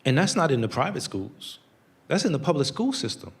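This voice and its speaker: A man's voice: on the high side, very animated, brisk. A man in his forties from the United States, speaking as a guest in an earnest, storytelling way at a public talk. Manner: earnest, storytelling, acts out quotes.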